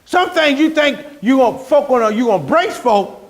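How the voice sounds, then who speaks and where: A man preaching a sermon as pastor, telling stories with growing energy and sometimes shouting. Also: very high-pitched, moderate pace. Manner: animated storytelling, rising to shouts.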